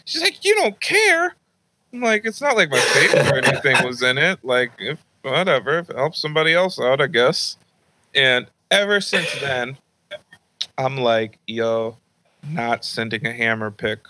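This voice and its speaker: A young man with a bright, forceful voice tells a story from his youth on a podcast. He talks casually and jumps into animated, high squeaky impressions of the women in his family. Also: normal speed, rough recording. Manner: animated, acts out high-pitched voices of his mom and grandma. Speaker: podcast host.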